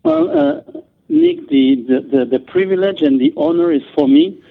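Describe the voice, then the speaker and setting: A man's voice: high voice, huge pitch swings, moderate pace, creaky. A man with a French accent, a native French speaker, talking as a guest in an interview with many restarts and fillers. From France. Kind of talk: interview on a call. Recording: tinny phone line.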